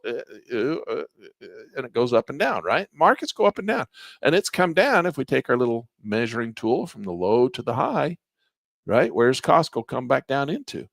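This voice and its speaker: Casual male trading teacher, voice going hoarse, keeps clearing his throat, mid-range pitch, dry close sound. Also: very animated, fairly bright tone, no echo. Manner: casual and folksy, acts out traders' thoughts in quick asides. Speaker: trading instructor. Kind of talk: live online class, walking through charts.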